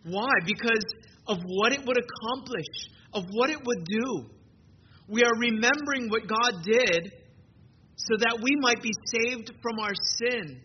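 A man with a high voice preaches an earnest sermon at a church service, leaning on key phrases with slow emphasis. The recording is dull and lo-fi with a clear hiss underneath. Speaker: pastor.

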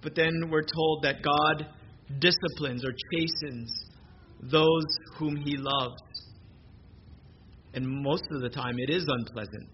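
High-voiced man preaching a sermon. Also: steady tone, takes it slowly, pauses often. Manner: earnest, with frequent repeated words and restarts. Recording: muffled lo-fi sermon recording with background noise.

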